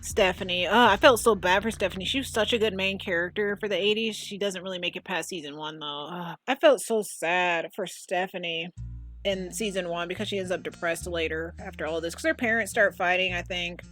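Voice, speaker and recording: A woman giving casual reaction commentary as a video host, chatty and animated, saying "like" and "oh my gosh" often. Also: fairly low pitch, fairly quick, soft background music.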